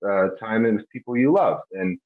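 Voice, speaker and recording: A man's voice: on the low side, expressive, moderate pace. A man hosting a casual interview, talking animatedly and thinking aloud with fillers. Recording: dull lo-fi audio.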